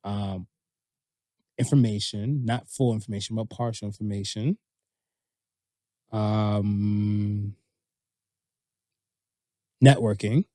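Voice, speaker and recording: A man's voice: slow pace, long pauses, no room sound. A man co-hosting a podcast in casual chat, telling stories and doing quoted voices, in a dry room. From Jamaican family background. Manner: animated storyteller, acts out quotes in high voices. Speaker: podcast co-host.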